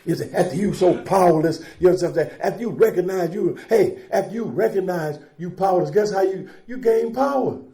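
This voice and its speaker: A middle-aged man speaks from a conference stage in a high register, telling his addiction story with blunt profanity. He keeps checking in with the crowd with "Huh?" and "You know what I'm saying?". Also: fairly quick, few pauses, dark tone. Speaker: guest speaker at a recovery conference. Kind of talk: raw testimony speech.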